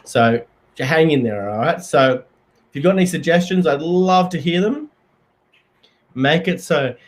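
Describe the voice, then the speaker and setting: A man hosting a comedy live stream, talking in a halting, deadpan way with many fillers. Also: a little high.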